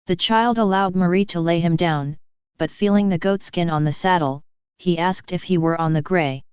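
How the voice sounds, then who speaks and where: Smooth-voiced woman narrating an audiobook. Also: lowish voice, moderate pace, dry recording. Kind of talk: scripted narration. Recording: dry, slightly muffled.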